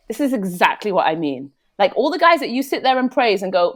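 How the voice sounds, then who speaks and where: A woman's voice: mid-range voice, big pitch swings, fast talker, hardly any pauses. A woman, a podcast guest telling a personal story in a frank, emphatic way. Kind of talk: candid podcast conversation.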